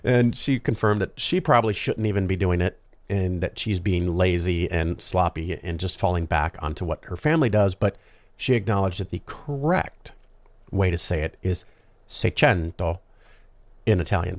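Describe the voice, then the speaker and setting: A man hosting a podcast talks alone in a loose, rambling way, full of ums and small asides. His voice sits very low with a gravelly fry running through it. The recording is close and dry, with no room sound. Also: moderate pace, darkish tone, dry recording. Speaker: podcast host. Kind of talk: casual solo monologue.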